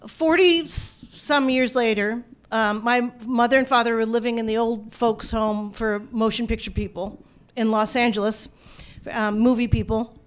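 A woman from the United States telling a personal family story in an animated, wry manner. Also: fairly high pitch, normal speed, clear, resonant tone.

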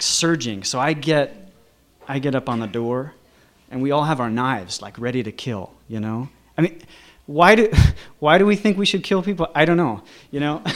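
A man telling a personal anecdote in a lively, chuckling way, with lots of fillers. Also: a little high. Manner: animated, chuckling, many fillers like "you know".

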